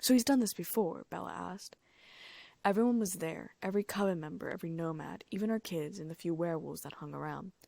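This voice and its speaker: A woman's voice: lowish voice, a little fast, gravelly, mellow, dry recording. A woman narrating a first-person audiobook, reading the dialogue in her own voice with small lifts for each character.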